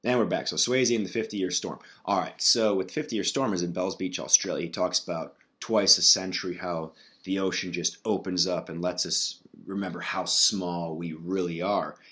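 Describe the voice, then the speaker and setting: A man's voice: low-pitched, fairly even intonation, normal speed, few pauses, bright, forceful tone. A man hosting a casual solo podcast, talking in a rambling, profane way with many restarts. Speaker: podcast host.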